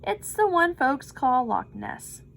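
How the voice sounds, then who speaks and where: A man's voice: very high-pitched, sing-song, slow pace, vocal fry, a bit bright, full character voice. A woman voicing a folksy, chatty uncle. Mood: cheerful. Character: folksy older uncle from near a lake.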